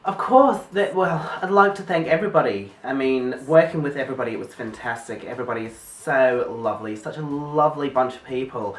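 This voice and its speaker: A man's voice: medium pitch, brisk, few pauses. A man rambles playfully through a comic interview, restarting his sentences as he goes. His mid-range voice sounds roomy, heard from some distance away from the mic. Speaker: interview guest.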